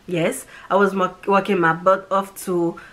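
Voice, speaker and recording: A Haitian woman reviewing movies chats casually about a film that moved her, rambling and growing emotional as she acts out the characters' lines. Her voice is an ordinary middle pitch, level, unhurried, and a bit bright.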